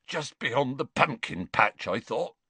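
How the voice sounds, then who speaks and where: A man voicing a huge, soft-hearted gamekeeper who speaks in rough rustic dialect, choked with grief and tears. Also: on the high side, sing-song, normal speed, dry recording, voice pushed up, exaggerated voice.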